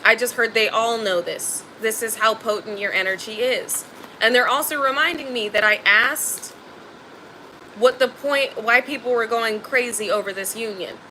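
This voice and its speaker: Woman tarot reader, bright high voice, blunt and slangy, faint noise behind. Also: normal speed, poor audio. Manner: emphatic, blunt and slangy, swears freely. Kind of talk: spiritual tarot reading.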